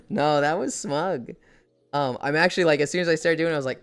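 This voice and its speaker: A woman's voice: low-pitched, expressive, moderate pace. A woman live-streaming in casual chat, telling stories animatedly with frequent swearing and laughter.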